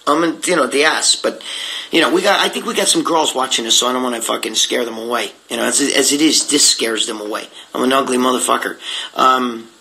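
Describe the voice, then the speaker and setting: A man's voice: medium pitch, brisk, creaky, pushed and bright, poor audio. An older man talking in an unfiltered live chat, rambling and blunt, swearing freely as he tells stories and answers viewer comments. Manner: rambling, profane, blunt storytelling. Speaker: guest reading viewer comments.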